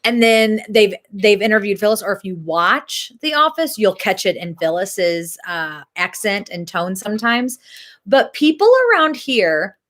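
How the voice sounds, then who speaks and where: A woman, hosting a casual church chat, chatty and rambling and quick to laugh. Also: mid-range voice, expressive, a bit bright. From Missouri.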